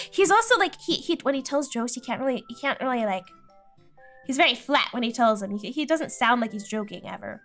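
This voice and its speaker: A woman streamer chatting casually with viewers, telling a family story and laughing often. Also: high-pitched. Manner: animated, quotes relatives in voices.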